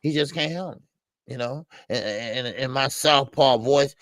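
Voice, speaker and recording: A man's voice: mid-range voice, moderate pace, a bit bright, no room sound. A man co-hosting a boxing talk show, rambling with many hesitations. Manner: rambling, hesitant, many uhs and you-knows. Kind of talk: casual boxing chat.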